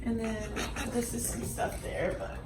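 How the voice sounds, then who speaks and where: A young woman chats casually into her phone, soft-spoken and unhurried, her voice a touch high. Many fillers run through her talk. The room is echoey with a faint hum behind her. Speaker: vlogger. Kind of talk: casual vlog in a hospital room. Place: hospital delivery room.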